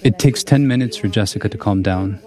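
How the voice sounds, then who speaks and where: A man narrating a documentary report as the reporter, in a measured, calm storytelling manner. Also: on the low side, a loud crowd. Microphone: studio voice-over mic.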